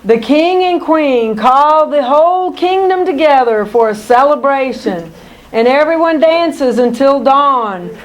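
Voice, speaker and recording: Slow, high-voiced woman reading a picture book. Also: expressive. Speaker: narrator. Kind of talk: children's picture-book read-aloud.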